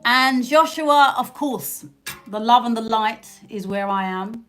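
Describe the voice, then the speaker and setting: A woman's voice: a little high, takes it slowly, fairly bright tone, soft background music. A British woman hosting a casual live stream, chatting and laughing with her viewers and thanking them by name. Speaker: livestream host.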